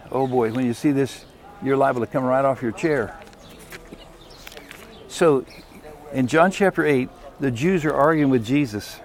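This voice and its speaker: Man, preacher, sermon, somewhat high pitch, folksy, emphatic, questions to the congregation.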